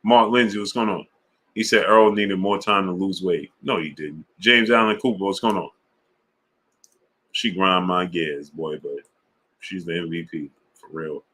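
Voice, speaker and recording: Bright-voiced man hosting a live stream. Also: deep voice, a little slow. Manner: laid-back, slang-heavy, shouting out viewers. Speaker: sports channel host. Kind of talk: casual live-stream chat reading super chats.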